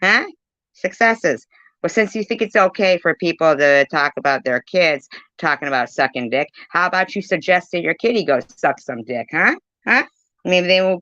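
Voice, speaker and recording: A woman's voice: on the low side, a bit bright, no room sound, muffled recording. A woman livestreaming and reading chat aloud, ranting furiously with a stream of profane insults. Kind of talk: angry livestream rant.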